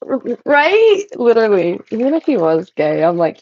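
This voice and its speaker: A woman's voice: normal speed, slight background noise. Young woman rambling on her livestream, lots of "like", voice bouncing up and down, kinda muffled phone audio. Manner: animated storytelling with frequent "like" and high-pitched quoted voices. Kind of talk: casual live-stream chat.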